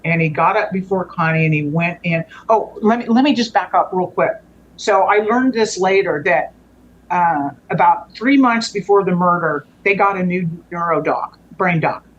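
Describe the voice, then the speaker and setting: A woman's voice: fairly low pitch, normal speed, dull audio, a little hiss or hum. A woman, a guest on the show, telling a long personal story in earnest conversational style, restarting and correcting herself often. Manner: rambling, frequent restarts and self-corrections.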